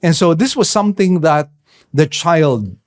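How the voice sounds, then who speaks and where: A man preaching a sermon as pastor, explaining scripture slowly and deliberately with emphatic stresses. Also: on the high side, lively intonation.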